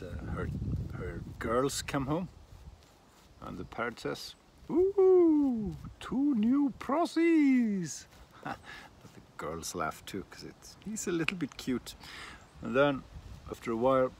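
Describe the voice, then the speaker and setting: Man, slow rambling chat, lively pitch, outdoors, faint wind behind. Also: vocal fry. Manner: rambling, self-deprecating, many restarts. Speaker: shaving vlogger. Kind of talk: casual outdoor vlog chat. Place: outdoors in a windy garden.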